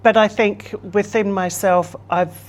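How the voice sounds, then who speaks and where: An older woman speaking as an interview guest in a relaxed, reflective conversation, laughing easily as she talks. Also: mid-range voice, a little slow. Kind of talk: casual conversation.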